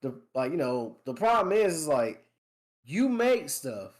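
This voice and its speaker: A man's voice: on the high side, sing-song, a little slow. A man talking loosely about games with a friend, his voice sitting a little above the usual male range. He wanders through his points and leans heavily on fillers like "like" and "you know.". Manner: rambling, heavy use of "like, you know". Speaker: guest gamer friend. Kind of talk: casual chat.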